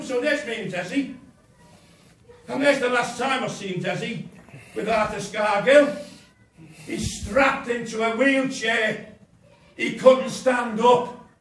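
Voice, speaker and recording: Older guy telling his story blunt and fired up, far from the mic in a boomy pub room. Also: a bit bright, heavy reverb, slight background noise. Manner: impassioned, blunt, acts out dialogue. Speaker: speaker at a campaign meeting. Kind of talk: personal storytelling to an audience. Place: inn function room. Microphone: camera in the audience.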